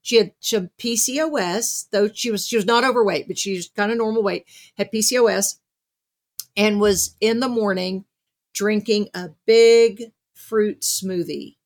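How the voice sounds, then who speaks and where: A woman hosting a podcast interview, chatting casually and retelling what she has read with lively asides. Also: mid-range voice, a little slow. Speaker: podcast host.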